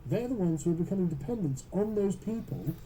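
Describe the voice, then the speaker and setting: A man's voice: high-pitched, lively intonation, fairly quick, dark tone, slight background noise, poor audio. A British man giving podcast commentary in emphatic, profane, long run-on sentences. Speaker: political commentator.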